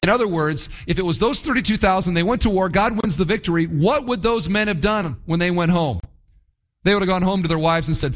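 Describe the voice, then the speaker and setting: High-voiced man preaching animatedly. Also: fairly quick. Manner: animated, acts out scenes in voices. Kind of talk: sermon.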